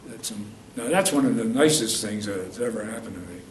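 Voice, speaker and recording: A brisk, lowish-voiced man in his eighties from New York State rambles through his war memories in an oral history interview, correcting himself mid-sentence as he goes. The recording is roomy, with a distant mic and faint noise.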